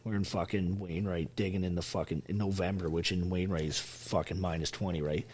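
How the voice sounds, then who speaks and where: A man in his thirties, a former soldier from Canada, telling his life story in a casual interview with lots of swearing and animated retelling. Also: low voice, a little fast, a little hiss or hum. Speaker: podcast guest, former soldier.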